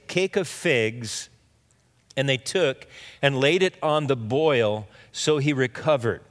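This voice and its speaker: A pastor giving a conversational sermon, teaching through a Bible passage with frequent restarts and asides. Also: male voice, medium pitch. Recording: long hall reverb.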